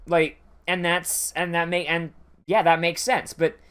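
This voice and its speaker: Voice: mid-range voice, flat delivery, a little slow, fairly bright tone, clean tone. An anime reviewer giving casual reaction commentary, rambling and swearing freely, with many fillers and restarts.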